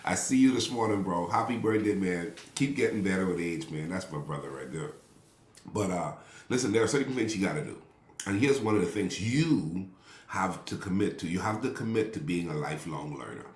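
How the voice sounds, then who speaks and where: A man's voice: low-pitched, animated, moderate pace. A man preaching a sermon to his congregation in a loose, conversational way, repeating phrases and calling out people by name. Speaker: pastor. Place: church sanctuary. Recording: echoey room.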